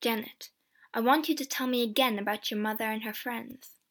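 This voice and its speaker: A woman voicing a kind, calm gentleman who speaks quietly and gently. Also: on the high side, brisk, lightly acted.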